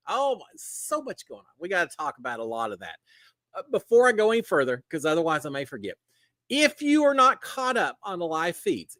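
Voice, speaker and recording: A man's voice: a little high, fairly bright tone, dry recording. A middle-aged man, hosting a casual live stream with a folksy, chatty manner.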